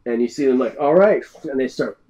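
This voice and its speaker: A man's voice: medium pitch, steady tone, fast, mellow, dull audio. A young man running a tabletop game as game master, loose and playful, often laughing as he narrates.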